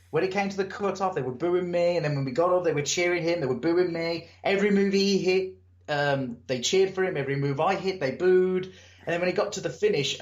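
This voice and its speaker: A man, a wrestler telling stories in a casual interview, animated and acting out voices, swearing now and then. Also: high-pitched. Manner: animated storyteller, acts out crowd and promoter. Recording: echoey room, muffled lo-fi sound.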